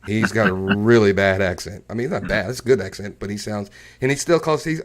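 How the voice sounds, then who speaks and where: A man's voice: on the low side, fairly quick, few pauses. A man co-hosting a casual talk show, telling stories and laughing as he goes. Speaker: podcast co-host. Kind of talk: casual chat.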